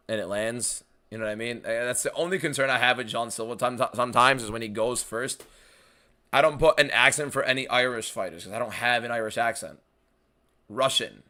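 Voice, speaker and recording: A man's voice: mid-range voice, pushed and bright. An American man hosting a fight watchalong stream, answering viewer questions in blunt, casual chat with a fair bit of swearing. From United States.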